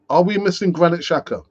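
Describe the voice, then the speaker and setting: A man's voice: sits high, breathy edge. Ranting male fan-channel host, lo-fi. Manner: animated, ranting, self-talking. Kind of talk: solo live-stream chat. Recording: dull lo-fi sound.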